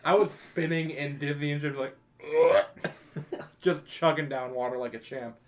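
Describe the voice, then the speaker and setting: A young man with a somewhat high voice tells a party story to his friends on a podcast. He swears freely and breaks into laughter as he goes, retelling the night with lively energy. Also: measured pace. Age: young adult. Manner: laughing, profane, animated retelling. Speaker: podcast co-host. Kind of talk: casual storytelling among friends.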